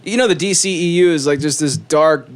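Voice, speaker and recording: A man's voice: a little high, fairly quick. A man co-hosting a podcast in casual chat, joking and teasing his guests and laughing often. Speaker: podcast co-host.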